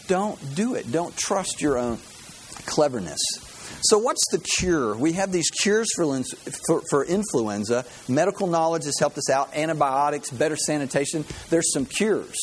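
A man's voice: a little high, expressive, normal speed, a little hiss or hum. A man giving a conversational sermon to a congregation, acting out the voices of the people he quotes. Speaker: pastor.

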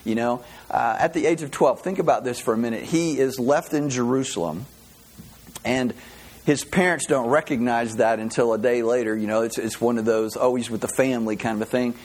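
Man in a pastor role, mid-pitched voice, easygoing conversational preaching, lots of "you know" and restarts. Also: brisk. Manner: relaxed, chatty storytelling with frequent fillers and restarts. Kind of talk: casual sermon to a small congregation.

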